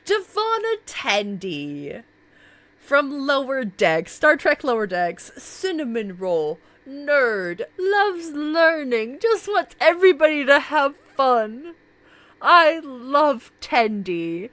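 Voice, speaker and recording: Animated, gushing woman streamer. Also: high-pitched, no echo. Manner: gushing, swears freely, laughs often. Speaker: live streamer. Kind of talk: casual live-stream chat.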